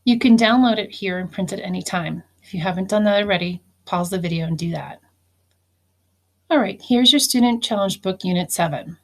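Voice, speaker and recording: A woman's voice: mid-range voice, a little fast. A woman teacher giving a recorded phonics lesson, spelling words out letter by letter and explaining each syllable.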